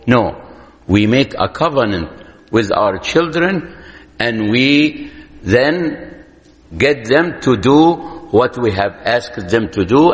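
A man giving parenting advice in a lecture-style talk, speaking slowly and deliberately and repeating key points for emphasis. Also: on the low side. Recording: long hall reverb.

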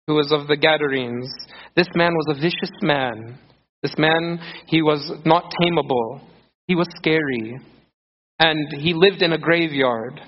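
High-voiced, gravelly preacher in a hall. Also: male voice. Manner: earnest, quotes scripture in dramatic voices. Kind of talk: sermon. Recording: muffled sound in a reverberant hall.

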